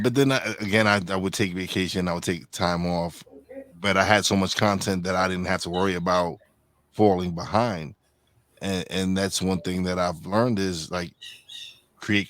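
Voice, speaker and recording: Deep-voiced and a bit bright, a man hosts a podcast in a casual interview chat, rambling and often restarting or correcting himself. There's no room sound.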